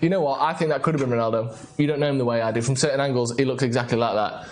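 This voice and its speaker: A man's voice: medium pitch, lively intonation, quick pace, hardly any pauses. A young man hosting a casual live football show, joking and rambling playfully. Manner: jokey, playful, rambling banter. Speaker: host. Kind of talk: casual live-stream chat.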